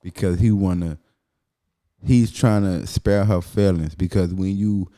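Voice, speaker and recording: A man with a New Orleans accent talks as a podcast guest, with a lowish voice. He is a comedian who chats casually, telling stories in slang with plenty of profanity. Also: fairly even intonation, measured pace, dark tone. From New Orleans, USA. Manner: slangy, profane, loose storytelling.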